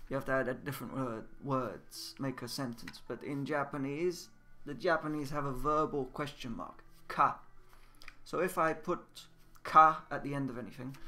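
A man giving a casual, patient Japanese lesson, repeating words and drilling them slowly. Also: mid-range voice, pushed and bright. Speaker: Japanese language teacher. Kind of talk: casual spoken language lesson. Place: indoors at a computer, game voice chat.

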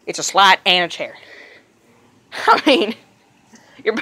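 A young woman making a chaotic, profane comedy vlog who rambles loudly and often breaks into yells. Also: mid-range voice, big pitch swings, slow, husky, dry recording. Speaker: vlogger.

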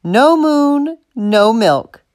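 A woman's voice: fairly high pitch, animated, takes it slowly. A woman voicing a stubborn, dreamy female cow who whines and pleads dramatically. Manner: whiny, dramatic.

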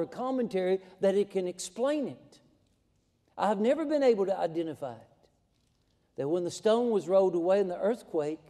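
A man's voice: high-pitched, dark tone, big-room sound. A man preaching a sermon in a folksy, emphatic way, building to fervent passages. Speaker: pastor. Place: church sanctuary.

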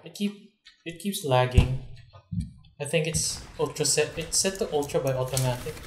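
A man's voice: fairly high pitch, moderate pace, slight background noise. A man playing a team shooter with friends, giving matter-of-fact directions and grumbling curses in casual chat. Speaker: gamer. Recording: echoey room with mouse clicks.

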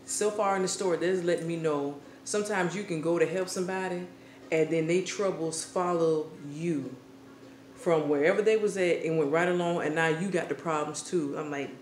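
A woman vlogger retelling a tale in a loose, slangy, comic style, full of animated asides. Her voice rings in a bare, echoey room. A faint hiss sits underneath. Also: low-pitched, moderate pace. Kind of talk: comic casual storytelling.

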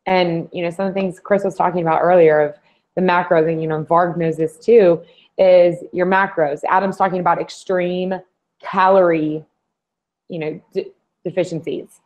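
A woman on a fitness panel who talks in a lively way and acts out the voices she quotes. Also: lowish voice, moderate pace. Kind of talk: casual panel discussion. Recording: slightly dull lo-fi audio.

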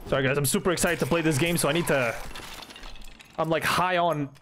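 A young man giving excited, swearing commentary on his own gameplay, talking to himself and taunting enemies. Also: fairly high pitch, fairly quick, a little hiss or hum. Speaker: gaming streamer.

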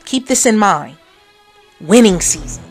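A female podcast host gives a motivational talk at a measured pace with lively intonation, faint music behind her. Her delivery is preachy, full of repeated phrases, and swings between murmurs and exclamations.

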